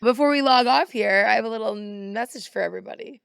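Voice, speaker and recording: A woman's voice: fairly high pitch, fast, creaky, fairly bright tone, clean tone, no echo, studio quality. A young woman from Canada co-hosting a podcast, chatting casually and laughing often. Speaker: podcast co-host. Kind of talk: casual chat.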